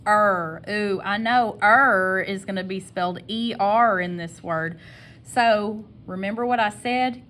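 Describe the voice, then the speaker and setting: A woman with a Southern American accent teaching a phonics spelling lesson. She sounds words out slowly and repeats each sound patiently, with an encouraging tone. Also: mid-range voice, a bit bright, a little hiss or hum.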